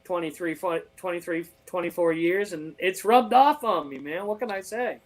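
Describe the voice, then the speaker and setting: A man from Maine whose accent has taken on a Southern drawl, a guest guitarist talking folksy and animated in a casual interview. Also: high voice, normal speed, low-quality recording. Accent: Southern drawl over a Maine accent. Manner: folksy and animated, calls people brother and man.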